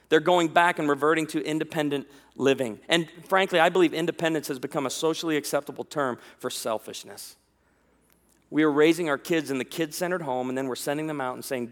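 High-voiced preacher in an echoing hall. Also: male voice. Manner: animated storytelling with jokes. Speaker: pastor. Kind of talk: sermon.

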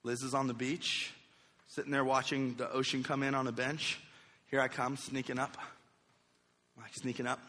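A man's voice: mid-range voice, level tone, moderate pace, long pauses, bright, forceful tone. A man in his thirties telling a goofy, self-deprecating story as a youth pastor, in a church hall. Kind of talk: storytelling sermon. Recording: echoey hall.

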